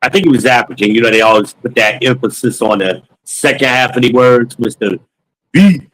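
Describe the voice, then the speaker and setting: A man's voice: medium pitch, a little fast, fairly bright tone, rough recording. A man casually telling a story from his sales days, slangy and loose, acting out dialogue with frequent ums.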